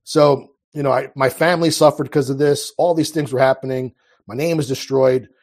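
A man's voice: mid-range voice, steady tone, normal speed, a little mellow. A man in his thirties telling his life story as an interview guest, in a casual, rambling way full of restarts. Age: 30s. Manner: rambling, restarts, frequent fillers.

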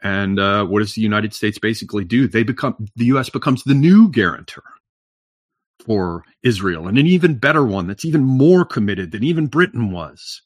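A man with a lowish voice holding forth as a podcast guest, recorded dry and close. He meanders through long explanations full of um, you know and restarts, dropping casual profanity. His tone stays conversational even as he drones on. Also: moderate pace, no echo. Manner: rambling, frequent fillers and restarts, profane. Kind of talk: long-winded conversational monologue.

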